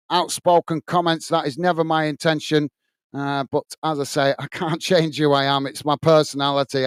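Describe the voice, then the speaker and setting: A man with a high, smooth voice hosts a live football watch-along, talking earnestly to viewers with plenty of fillers and false starts. The sound is dry and close, as if from a headset at home. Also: dry recording. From England. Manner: chatty, restarting often with fillers, earnest. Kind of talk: live match commentary and chat. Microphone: headset earpiece.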